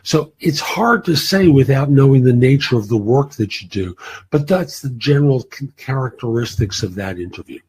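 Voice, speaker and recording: A man's voice: mid-range voice, lively intonation, moderate pace, a little mellow, breathy edge, poor audio. A man hosting a career advice show, answering listener questions in a blunt, plain-spoken way.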